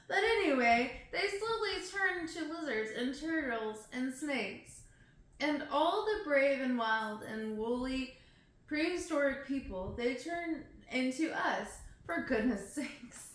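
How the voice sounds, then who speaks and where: A woman's voice: sits high, big pitch swings, a little slow, fairly bright tone. A woman casually reading poems aloud, laughing at herself as she stumbles over hard words and chatting between poems. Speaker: poetry reader. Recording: very echoey room.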